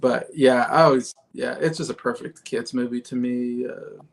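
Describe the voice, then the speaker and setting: A man as a podcast guest, rambling in casual chat with many fillers and soft laughs. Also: medium pitch, fairly even intonation, normal speed, creaky.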